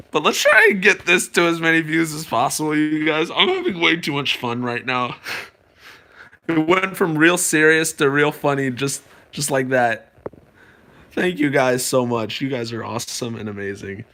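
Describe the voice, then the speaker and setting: Excitable man chatting on a stream. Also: fairly high pitch, normal speed. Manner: excitable, joking, playful voices. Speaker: balloon artist streamer. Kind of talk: live stream chat.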